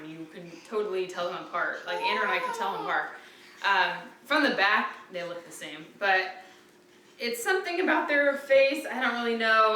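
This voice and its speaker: A woman's voice: mid-range voice, pushed and bright. A young woman, a mother of twins, chatting casually to camera at home in a fond, rambling way full of "like" fillers. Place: room in a family home with babies nearby. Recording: roomy home sound from a distance, faint noise.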